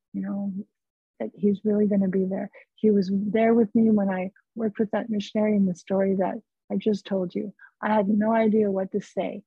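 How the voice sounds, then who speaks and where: Husky-voiced woman guest, earnest storyteller, heard over a dry, thin phone-quality line. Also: mid-range voice, no room sound. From California. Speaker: psychotherapist guest. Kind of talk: personal storytelling in an interview.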